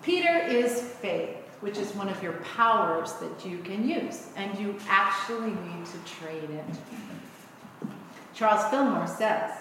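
A woman minister preaches slowly and without hurry, telling a story and then teaching from it. Her voice rings through a big, echoey church sanctuary with a long reverb tail and faint room noise. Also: medium pitch, lively intonation, a bit bright. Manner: storytelling, unhurried. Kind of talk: sermon. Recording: echoey hall.

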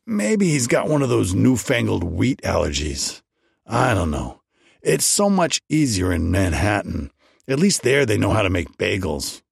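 A man's voice: lowish voice, very animated, measured pace, creaky, husky, no room sound, clean studio sound, full character voice. A man voicing a chatty male baker who is eager to please.

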